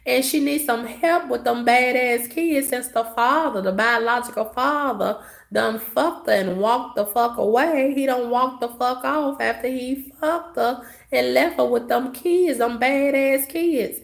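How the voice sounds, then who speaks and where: A woman's voice: sits high, unhurried, vocal fry, echoey room. A woman delivering a profane, sassy rant as a vlogger, coughing now and then. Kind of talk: ranting monologue.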